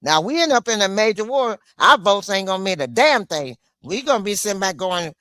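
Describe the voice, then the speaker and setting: A woman livestreaming an angry political rant, blunt and swearing, with a slow, deliberate delivery. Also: mid-range voice, lively intonation, pushed and bright, dry recording, clean studio sound.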